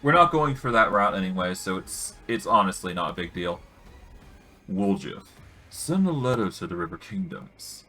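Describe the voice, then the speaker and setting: A man's voice: deep voice, sing-song, normal speed, sharp tone, faint music behind. A man streaming a video game, musing and joking casually as he decides his moves. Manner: musing, jokey. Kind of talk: casual gameplay commentary.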